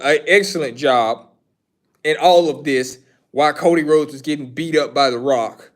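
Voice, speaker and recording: A man talks casually on a livestream, his voice sitting a little higher than most men's. He rambles, repeats his points, and gives blunt opinions while answering questions from chat. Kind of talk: casual wrestling commentary.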